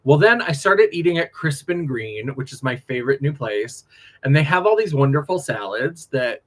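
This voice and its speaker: A man, a drag performer, chatting casually on a late-night livestream, animated, laughing often and drifting from story to story. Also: mid-range voice, normal speed.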